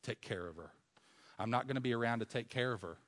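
A male preacher voicing a tender dying man who speaks softly and gently to his mother and his friend. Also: medium pitch, fast talker, lightly acted. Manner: soft, hushed, gentle.

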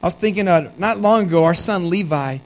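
A man's voice: high-pitched, brisk, soft background music, low-quality recording. A pastor preaching a sermon. He speaks earnestly, repeats key phrases and calls his listeners family.

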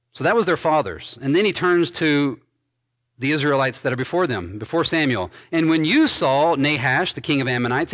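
A man pastor preaching an expository sermon, reading scripture aloud and commenting on it with emphatic stresses and quiet endings. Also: fairly high pitch. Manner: emphatic preaching, swinging between loud stresses and dropped soft endings.

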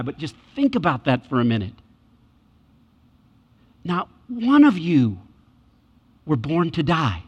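Animated preacher in a reverberant church. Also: male voice, a little high, slow, pauses often, husky. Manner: animated, acts out voices in scripture scenes. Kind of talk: sermon. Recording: muffled church hall reverb.

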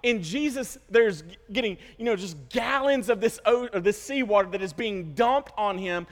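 A male pastor preaching a sermon, with animated storytelling, self-interruptions and joking asides. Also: high voice, moderate pace. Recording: long hall reverb.

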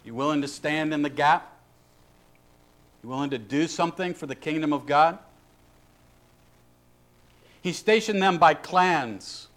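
A man's voice: fairly high pitch, a little slow, long pauses, a bit bright. A man preaching a sermon as a pastor, emphatic and exhorting his listeners.

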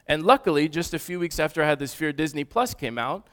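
A man's voice: a little high, expressive, fast talker. A man in his thirties, a father of toddlers, preaching an earnest, conversational sermon with frequent restarts. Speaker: pastor.

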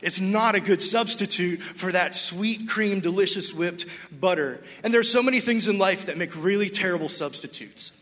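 Man preaching in a church, high bright voice, acts out the story bits, long echo off the room. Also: normal speed, few pauses. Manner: animated, acts out dialogue, laughs with congregation. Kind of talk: sermon with storytelling. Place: church sanctuary. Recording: long hall reverb.

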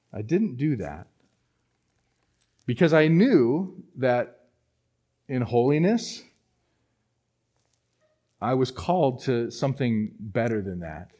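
A man, a pastor, preaching a sermon and telling a personal story, with frequent restarts. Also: mid-range voice. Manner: storytelling, animated with many restarts. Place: church.

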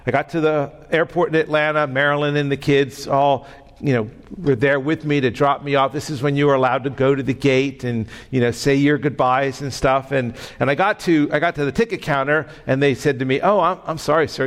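A man preaching as a pastor, telling a story in a lively way and often tripping over and repeating his words. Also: mid-range voice, a little fast. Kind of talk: storytelling sermon. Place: church sanctuary. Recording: long reverb of a large hall.

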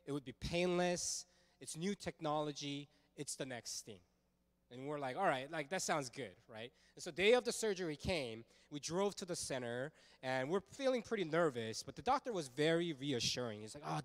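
A man preaching a sermon as pastor, telling a story in a casual, animated way with lots of fillers. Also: on the high side, in a large hall.

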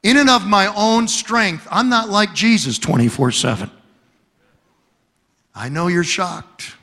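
Animated preacher in an echoing hall. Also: male voice, high voice, slow. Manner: storytelling with humor and emphatic repetition. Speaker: pastor. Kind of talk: sermon.

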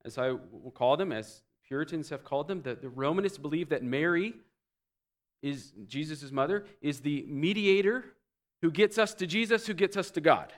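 Preaching man with a higher pitch. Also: moderate pace. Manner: explanatory, with wide swings between loud emphasis and quiet low asides. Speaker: pastor. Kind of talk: sermon teaching.

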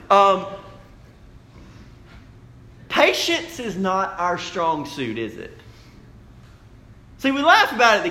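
A man preaching a sermon to a congregation, animated and playful, acting out questions in raised voices. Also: sits high. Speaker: pastor. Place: church sanctuary.

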